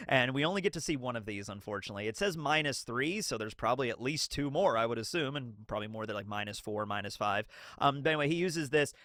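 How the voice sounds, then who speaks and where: A man's voice: on the high side, no room sound, studio quality. A man hosting a casual anime commentary video, talking animatedly and acting out characters' lines in his retelling. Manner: animated, acts out quotes, swears casually.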